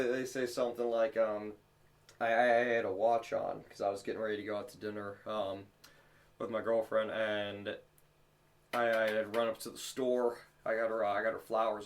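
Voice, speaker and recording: A young man co-hosting a podcast in casual chat, talking loosely with lots of fillers and restarts. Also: fairly low pitch. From Cleveland area. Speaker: podcast co-host.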